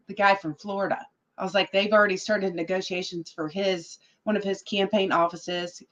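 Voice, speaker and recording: A woman guest telling a story in a casual interview, animated and quoting others as she goes. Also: on the low side, lo-fi sound. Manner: animated, quotes other people in their voices. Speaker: political guest.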